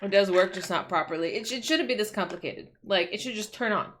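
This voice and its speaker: A woman streamer with a bright, forceful voice vents at length to her chat. She talks casually and in exasperation, with plenty of swearing, "like"s and restarts. Her pitch sits in the middle for a woman. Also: fast talker, slight background noise. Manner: exasperated ranting, swears, frequent likes and restarts. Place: home.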